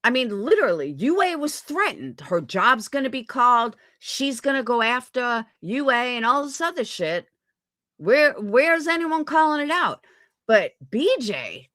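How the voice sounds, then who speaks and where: Ranting furiously on a livestream, a woman streamer curses and circles back to the same complaints again and again. She has a slightly high, somewhat bright voice, and the audio has no echo.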